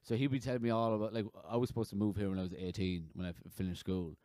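A man in his thirties hosting a podcast in casual chat, rambling and halting with frequent restarts. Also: fairly low pitch, little pitch movement, dark tone, dry recording. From Ireland. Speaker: podcast host.

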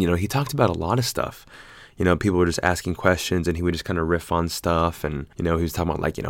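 A man's voice: deep voice, no room sound. A man casually retelling a story, rambling and swearing freely, quoting other people as he goes. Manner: rambling, profane, animated retelling with quoted voices.

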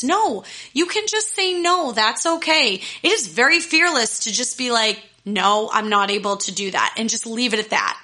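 A young woman coaching her listeners in a loose, candid chat, fired up and blunt, with the odd swear word. Her voice sits a little high and sounds bright and forceful. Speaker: life coach. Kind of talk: casual solo talk to listeners.

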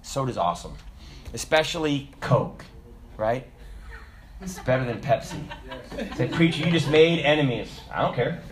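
A man preaching a sermon, telling stories with laughter in an animated, lively way. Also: mid-range voice, normal speed, long pauses. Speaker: pastor.

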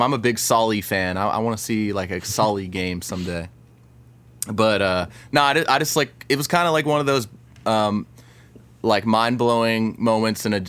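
A man co-hosting a casual gaming podcast, talking enthusiastically in halting bursts with frequent restarts. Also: fairly low pitch, a bit bright, smooth. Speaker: podcast co-host.

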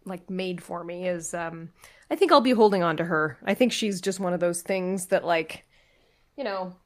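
A woman's voice: lowish voice, normal speed. A woman co-hosting a podcast, chatting casually in a hesitant, rambling way. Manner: hesitant, many fillers and restarts. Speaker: podcast co-host. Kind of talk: casual chat.

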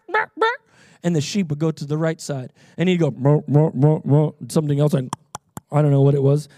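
A pastor with a slightly raised voice delivers a sermon in a dry, close recording. He tells stories in a loose, chatty way and then rises into loud, impassioned preaching. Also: on the high side, no echo. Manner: conversational storytelling that builds to loud fervent preaching.

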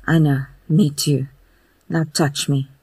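Affectionate, coaxing adult man, read by the narrator; husky, unhurried. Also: mid-range voice, little pitch movement, a little mellow, no room sound, rough recording. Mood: tender, coaxing.

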